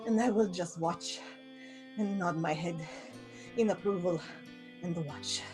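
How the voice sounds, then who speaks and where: Calm woman describing her character's moves. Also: on the low side, music in the background. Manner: calm, deliberate first-person actions. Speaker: player.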